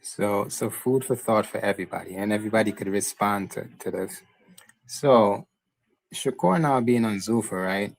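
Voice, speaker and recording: A low man with a gravelly edge speaks in a measured way, laying out a question for the panel. His delivery is steady and unhurried. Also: rough recording. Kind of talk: casual panel chat.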